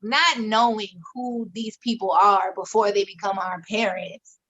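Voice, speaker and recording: A woman's voice: mid-range voice, fairly even intonation, measured pace, fairly bright tone, slight background noise. A woman in her thirties, candidly telling a painful personal story in a podcast chat, frank and emotional and swearing freely. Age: 30s. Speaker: podcast co-host. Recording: slightly dull lo-fi sound.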